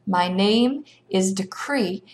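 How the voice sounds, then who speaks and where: A woman's voice: mid-range voice, slow, darkish tone, natural voice. A woman reading the lines of a cheeky thirteen-year-old shepherd boy who answers everything with sly, gleeful riddles in a storybook. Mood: teasing.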